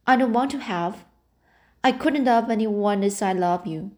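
A woman's voice: mid-range voice, a little slow, darkish tone, natural voice. A woman reading the lines of a loyal young girl, speaking earnestly and mournfully. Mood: sorrowful. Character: girl, loyal, sorrowful best friend.

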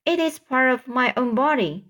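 A woman's voice: high-pitched, lively intonation, moderate pace, a bit bright, voice pushed up. A woman reading a storybook aloud and voicing a kindly, proud old male grasshopper who lectures fussily and trips over words. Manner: fussy, lecturing, stumbles on words.

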